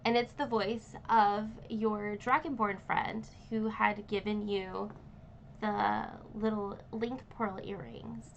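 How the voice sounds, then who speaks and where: A woman runs a tabletop game, explaining items and rules in a loose, friendly ramble full of ums. Her voice sits at a middle pitch. A faint hiss of background noise lies under the recording. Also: fairly even intonation, slow, vocal fry, muffled recording. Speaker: game master.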